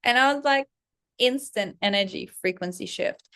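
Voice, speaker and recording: A woman telling a casual story in a vlog, animated and swearing constantly as she acts out her own reactions. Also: medium pitch, normal speed, smooth. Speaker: vlogger, self-leadership coach. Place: Paris.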